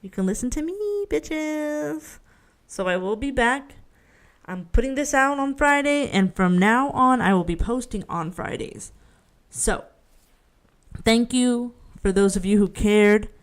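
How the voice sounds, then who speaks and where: A woman hosts her own podcast in a casual solo rant, rambling, frank, swearing freely and often poking fun at herself. Her voice is fairly high-pitched and measured in pace.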